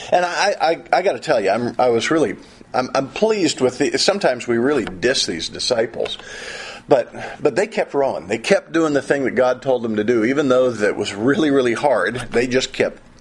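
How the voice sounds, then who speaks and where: A middle-aged man preaching a sermon in an animated way, often repeating and restarting his phrases. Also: mid-range voice, normal speed, slight background noise.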